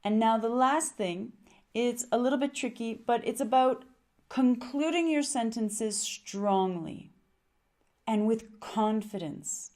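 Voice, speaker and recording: Woman coach, measured delivery, mid pitch, clear teaching tone with sample lines. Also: darkish tone. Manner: deliberate, demonstrates intonation with example sentences. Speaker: English speaking coach. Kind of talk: teaching to camera.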